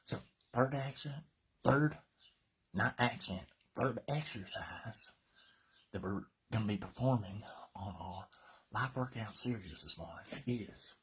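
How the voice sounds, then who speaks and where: A man's voice: lowish voice, takes it slowly, a little hiss or hum. A man from Colorado hosting a live workout, joking around in casual banter and slightly winded from exercising. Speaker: fitness host.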